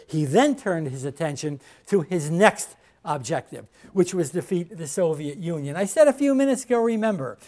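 A man giving a classroom history lecture, halting with many fillers and restarts, repeating key points for emphasis and pointing to slides. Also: high-pitched.

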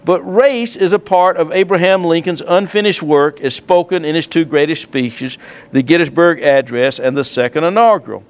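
A man's voice: on the high side, moderate pace. A man giving a classroom lecture with slides, reading from notes and adding casual asides with fillers.

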